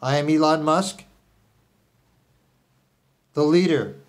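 In a slow-paced comic impression, a man voices a grandiose billionaire tycoon with schemes on his mind, shifting from quiet low mutters to outright yelling.

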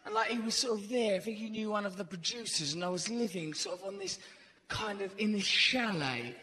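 A man's voice: high-pitched, brisk. A man performing live stand-up comedy, telling rambling stories full of "right?" asides. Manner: animated, rambling storytelling with frequent "right?" asides. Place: theatre stage before a live audience. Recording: echoey live hall, audience noise.

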